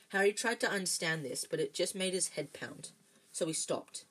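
A woman reading a storybook aloud in a plain, steady storytelling manner, with the odd slip and self-correction. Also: lowish voice, moderate pace, slightly rough, rough recording. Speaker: reader.

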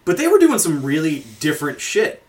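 A man's voice: on the high side, huge pitch swings, a little fast, darkish tone. A man hosting a podcast, chatting casually and rambling through stories with frequent swearing and laughter. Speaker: podcast host. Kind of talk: casual chat.

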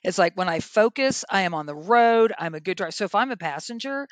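A woman from Oklahoma with a light Southern US accent, a podcast guest telling stories in an animated, chatty way. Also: medium pitch, no room sound. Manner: animated storyteller, quick asides. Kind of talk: casual interview chat.

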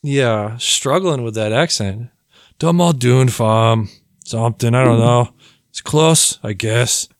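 A man's voice: medium pitch, measured pace, no room sound, clean studio sound. A man co-hosting a podcast in casual, rambling chat with fillers and laughs. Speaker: podcast co-host.

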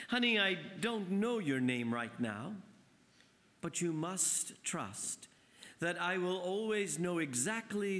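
A loving elderly mother with dementia speaks gently and unhurriedly, as a priest reads her words in a homily. The voice is a fairly high man's voice with a long echo trailing off in a church. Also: heavily acted.

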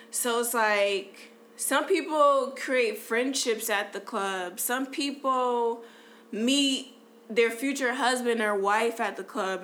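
Over slight background noise, a woman with a fairly high voice hosts a podcast in a loose, easygoing way. Her talk is full of slang and fillers, especially "like" and "you know."

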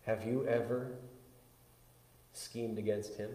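Man, pastor, conversational sermon, mid-pitched voice, roomy echo. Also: measured pace. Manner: conversational, swinging between loud and hushed. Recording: echoey hall with long reverb.

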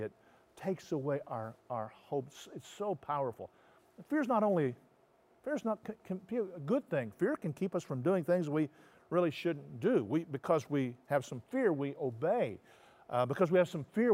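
A man, a pastor, preaching a sermon. He swings from loud emphatic lines to soft, slow, hushed passages. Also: on the high side.

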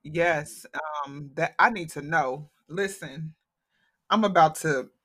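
A woman's voice: sits low, slow pace, a bit bright, slightly rough. A woman hosting a podcast, talking frankly and casually, with some swearing. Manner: frank and plainspoken, with mild cursing. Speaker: podcast host.

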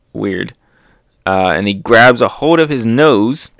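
A man's voice: mid-range voice, slow, creaky, no echo, clean studio sound. A man casually reading through a comic chapter, adding his own sound effects and laughing as he goes. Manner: animated, makes sound effects, laughs often. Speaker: manga reaction host.

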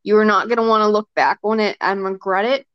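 A woman's voice: medium pitch, fairly even intonation, quick pace, clean tone, no echo. A young woman guesting on a podcast, chatting casually with lots of fillers and short acted-out quotes. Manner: chatty, filler-heavy, often acts out quotes. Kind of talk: casual chat. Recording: dry, slightly dull sound.

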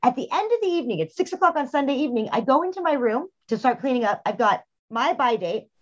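A woman hosting a podcast speeds through frank anecdotes in casual, animated chat, laughing often. Her fairly high voice is very lively, swooping up and down as she talks quickly. The sound is a little dull and lo-fi.

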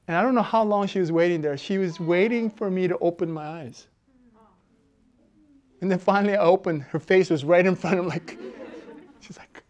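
Man, pastor, high voice, sermon, conversational, loud emphatic stretches, soft low asides. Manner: conversational, with fillers and self-corrections.

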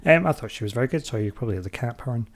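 A man's voice: mid-range voice, lively intonation, very fast. A man with a soothing, lilting Scottish accent, co-hosting a casual film review chat in a playful, chatty way. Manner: chatty, playful, bursts into mock shouting. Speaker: podcast co-host.

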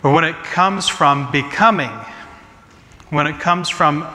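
A pastor gives a sermon with congregation Q&A in a church sanctuary, his voice a little high, unhurried, bright, and forceful. He's earnest, often restarting and repeating phrases, and the recording has long church hall reverb with faint ambience.

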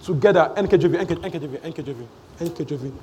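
A man preaching a sermon in church. He repeats phrases for emphasis and swings between shouting and hushed asides. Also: on the high side, rapid-fire, a little hiss or hum. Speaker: pastor.

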